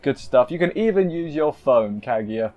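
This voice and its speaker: A man's voice: medium pitch, lively intonation, normal speed, a little mellow. A man casually recapping an anime episode, rambling and cutting himself off with playful asides. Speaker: anime reviewer.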